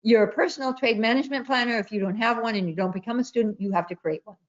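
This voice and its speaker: A woman's voice: fairly high pitch, quick pace. A woman trading educator giving an emphatic webinar presentation, repeating her key points and telling stories. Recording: dull lo-fi webinar audio.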